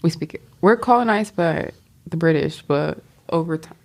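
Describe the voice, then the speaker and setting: A woman's voice: low voice, vocal fry. A woman from Sudan, a podcast guest, chatting casually and reacting with enthusiasm. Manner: enthusiastic, quick reactions, laughs along. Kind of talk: casual chat.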